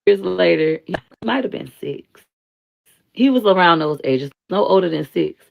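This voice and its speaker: Gravelly-voiced blunt woman streamer. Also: lowish voice, a little slow. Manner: blunt, animated, slangy. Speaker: live stream host. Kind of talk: casual commentary and storytelling.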